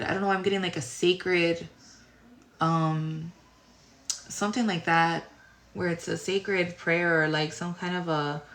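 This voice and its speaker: A woman giving a casual tarot reading to viewers, rambling and searching for words, sounding tired. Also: on the low side. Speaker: tarot reader. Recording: roomy echo.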